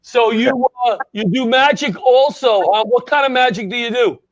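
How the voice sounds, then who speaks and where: A man's voice: extremely high pitch, normal speed, dry recording, highs cut off. A man hosting a talk show, bantering chummily with guests in casual interview chat.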